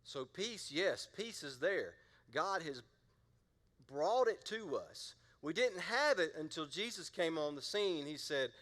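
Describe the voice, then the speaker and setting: A man's voice: on the high side, very animated, slow, a bit bright, big-room sound. A middle-aged man, a pastor preaching a sermon in a playful, conversational way and drawing the congregation into call-and-response.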